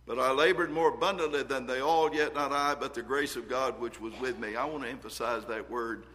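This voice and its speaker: A man's voice: mid-range voice, steady tone, a little fast, few pauses, fairly bright tone, long reverb tail. A man preaching a sermon, reading scripture aloud with earnest emphasis and shifting volume.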